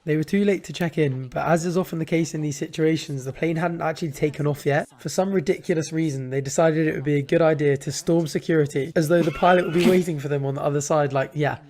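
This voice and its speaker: A man's voice: on the high side, steady tone, fast talker, few pauses, darkish tone. A man narrating a documentary in a scripted, wry, mocking tone.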